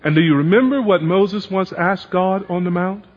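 High-voiced preacher in a reverberant hall. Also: male voice, normal speed, highs cut off. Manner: animated, acts out quoted voices. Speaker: pastor. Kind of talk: sermon.

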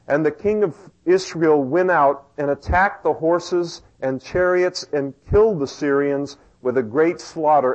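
A man's voice: medium pitch, darkish tone. Guy pastor preaching in church, chatty, jokes about himself, a bit muffled. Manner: conversational, self-deprecating asides, fillers. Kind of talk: sermon.

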